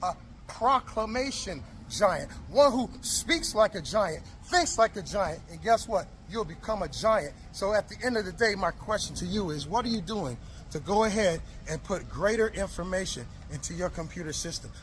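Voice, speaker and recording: A man's voice: sits high, animated, normal speed, slight background noise. A man giving a motivational talk to camera outdoors, preachy and repetitive, driving each point home with rallying questions. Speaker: motivational speaker. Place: outdoors in the rain.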